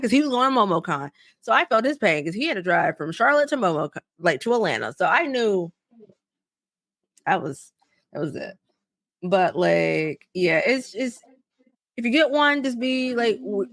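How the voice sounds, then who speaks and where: A young woman on a podcast, telling a story in a loose, profane, animated way and acting out both sides of each exchange. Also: a little high, dry recording, studio quality. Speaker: podcast co-host. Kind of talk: casual storytelling chat.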